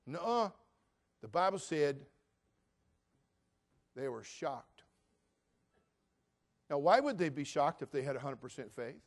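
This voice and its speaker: An older male pastor in his sixties preaches with animated storytelling, acting out the voices in Bible stories. His voice sits a little higher than most men's. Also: slow pace, long pauses. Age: 60s. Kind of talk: sermon.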